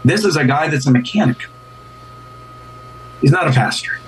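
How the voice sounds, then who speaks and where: A man's voice: on the high side, lively intonation, moderate pace, distant mic, slight background noise, low-quality recording. A man who is a pastor, speaking as a guest in an earnest, casual interview, often repeating and restarting words.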